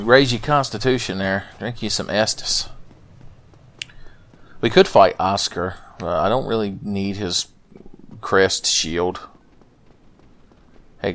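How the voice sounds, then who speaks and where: A man's voice: low voice, fairly even intonation, unhurried, long pauses, slight background noise. A man giving let's play commentary in a jokey, profane, rambling way. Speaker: gameplay commentator.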